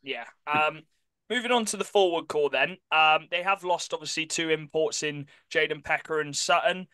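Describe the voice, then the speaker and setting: A man co-hosting a casual sports podcast, chatty and quick to correct himself mid-sentence. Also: a little high, sharp tone, clear, resonant tone, dry recording. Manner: chatty, self-correcting, apologetic about pronunciation. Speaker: podcast co-host.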